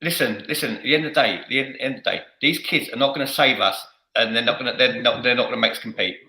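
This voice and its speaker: A man hosting a fan show with a loud, boisterous manner, repeating himself and laughing often. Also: mid-range voice, fast talker, reverberant, poor audio. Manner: boisterous, repetitive, laughs a lot. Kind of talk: heated fan podcast debate.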